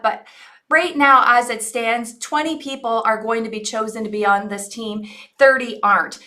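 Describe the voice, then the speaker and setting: A woman's voice: a little high, sharp tone. A woman in her forties, an online business coach, earnestly telling a personal story to her audience in a reflective, coaching way.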